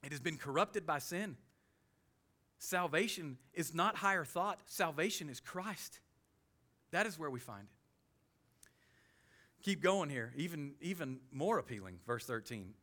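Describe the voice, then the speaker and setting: A man with a Southern US accent preaching a sermon as pastor, animated, with quick humorous asides. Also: a little high. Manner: animated preaching, with sudden loud jokey voices and soft asides.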